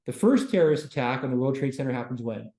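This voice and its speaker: A man giving a casual classroom history lecture as a university lecturer, breaking it up with deadpan joking asides. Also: medium pitch, fast. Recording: roomy classroom echo.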